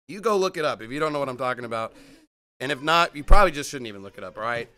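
A young adult man preaching a sermon, emphatic and forceful, with sudden rising outbursts. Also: mid-range voice, expressive, rapid-fire.

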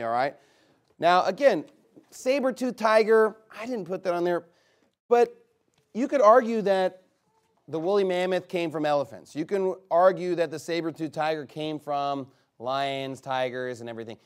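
A man leading a guessing game with a live group, reading out a long list in a chatty, upbeat way with quick asides. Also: fairly high pitch.

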